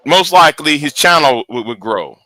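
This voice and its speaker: A man rants angrily on his channel, repeating and restarting words as he swears. His voice is high and swings widely in pitch. It sounds close and dry. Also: expressive, moderate pace, bright, forceful tone, no room sound. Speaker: channel host. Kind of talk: casual livestream rant.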